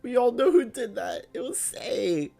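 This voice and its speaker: A man with a high, animated voice reacts to a visual novel as he plays, reading its lines aloud in between. He rambles, restarts his sentences and fills them with "like". Soft game music sits quietly behind him. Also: unhurried, gravelly. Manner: chatty, lots of "like" and restarts, emotional reactions. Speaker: VTuber playing a visual novel. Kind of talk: casual let's-play commentary, reading game text aloud.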